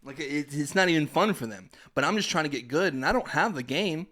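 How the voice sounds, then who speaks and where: A man's voice: fairly high pitch, expressive, fairly quick, bright, forceful tone. A young man, a podcast host, telling a story in casual chat, laughing and acting out his family's voices.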